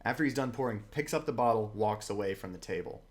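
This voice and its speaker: A man co-hosting a podcast in casual chat, an animated storyteller who acts out the scenes he retells. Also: lowish voice, fast talker. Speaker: podcast co-host.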